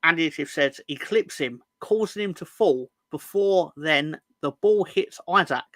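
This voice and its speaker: A man's voice: a little high, animated, unhurried, fairly bright tone, no room sound. A man co-hosting a casual football fan chat, full of sarcastic, sweary banter. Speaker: podcast co-host.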